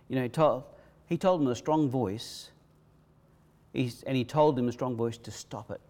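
A male pastor, preaching a sermon with emphatic repetition, swinging between loud bursts and quiet hushes. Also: medium pitch, normal speed. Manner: preaching with rising, emphatic repetition and sudden drops to a hush.

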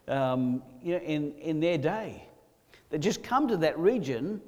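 A man preaching a sermon, swinging from loud emphatic lines to low quiet ones. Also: lively intonation, takes it slowly, in a large hall.

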